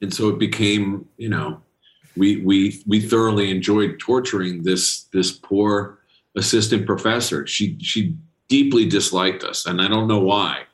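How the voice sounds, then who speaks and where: A man's voice: fairly low pitch, unhurried. A middle-aged man from New England, a guest actor telling anecdotes in a casual interview, laughing between stories. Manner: anecdotal, laughing, does voices in quotes.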